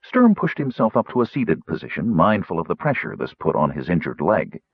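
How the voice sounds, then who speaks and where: Male narrator, expressive storytelling, husky voice, dry dull lo-fi recording. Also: low voice, fairly quick, no room sound. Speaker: audiobook narrator. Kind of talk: scripted narration.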